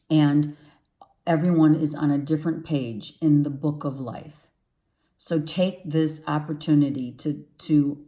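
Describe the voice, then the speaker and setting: A woman's voice: low-pitched, warm tone. A woman tarot reader giving an earnest, encouraging and emotional spiritual pep talk to the camera.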